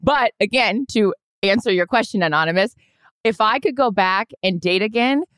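A woman's voice: medium pitch, moderate pace, fairly bright tone, smooth, no echo. A woman co-hosting a podcast in casual chat, joking and rambling and swearing freely. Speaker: podcast co-host.

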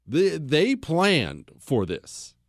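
Blunt, animated male talk host. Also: fairly high pitch, drawn-out words, no echo, studio quality. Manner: emphatic, blunt, repeats phrases for stress. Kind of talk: opinionated history monologue.

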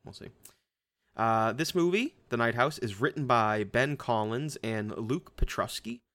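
A man's voice: mid-range voice, measured pace, fairly bright tone, no room sound. A man co-hosting a movie podcast in casual, joking chat. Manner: playful, jokey, hams up place names with put-on accents. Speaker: podcast co-host.

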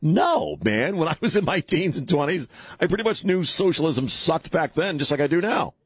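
A man's voice: fairly high pitch, animated, moderate pace, slightly rough, dry recording, clean studio sound. A middle-aged man hosting a call-in radio show, rambling and sarcastic as he restarts his sentences. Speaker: radio talk show host. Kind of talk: casual talk radio monologue. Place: radio studio.

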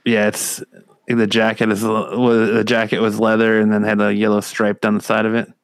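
A man hosting a casual podcast chat, talking in a relaxed, easygoing way. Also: on the low side, moderate pace, vocal fry, no room sound.

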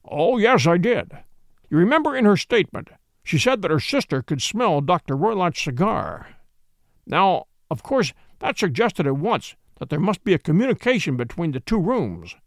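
A man voicing a brilliant, calm male detective who explains things in a measured way. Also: high-pitched, no echo, studio quality. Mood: grave, explaining.

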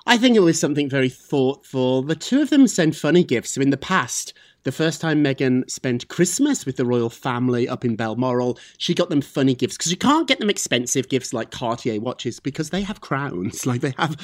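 A man's voice: medium pitch, normal speed, hardly any pauses. Chatty guy hosting a gossip show, bouncy voice, goes all over the place. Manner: lively, chatty storyteller. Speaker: host. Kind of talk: celebrity gossip chat.

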